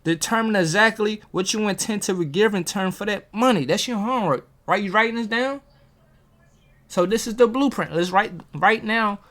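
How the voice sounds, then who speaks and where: A man's voice: high voice, moderate pace, fairly bright tone. A man giving a casual motivational talk to camera from a table, preaching and throwing rhetorical questions at his viewers. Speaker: motivational video host. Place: at a table, self-filmed.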